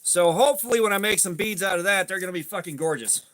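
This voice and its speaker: A man's voice: high voice, fast talker, a bit bright, slight background noise. A man, rambling in casual livestream chat, greeting viewers by name and swearing offhandedly. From southeastern United States. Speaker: livestream host.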